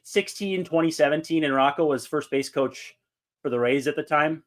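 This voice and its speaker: On this relaxed podcast, one co-host speaks at an ordinary pace in a voice on the high side. He tells lively stories and performs the lines he quotes.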